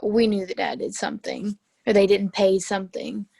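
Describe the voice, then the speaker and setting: A woman's voice: mid-range voice, level tone, normal speed, vocal fry, warm tone, no room sound. A teenage girl on a video call, chatting emphatically about a book with classmates. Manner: emphatic, talkative. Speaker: student in book discussion. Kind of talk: casual video call discussion.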